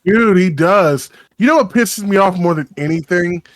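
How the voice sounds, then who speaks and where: A man's voice: high voice, moderate pace, dry recording. A young adult man hosting a podcast, bantering casually with lots of swearing and laughter. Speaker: podcast host. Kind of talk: casual chat.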